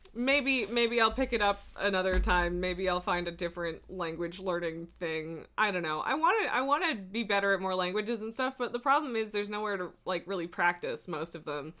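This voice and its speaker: Talking loosely to her audience, a woman streamer rambles off on tangents, laughing often, using fillers and cursing. Her voice is mid-range with a sharp edge.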